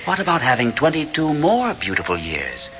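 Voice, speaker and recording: An actor playing a calm, teasing male ghost in an old radio drama, in a wry, eerily calm manner. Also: mid-range voice, normal speed. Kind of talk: 1970s radio drama acting. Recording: muffled old radio broadcast, faint hiss.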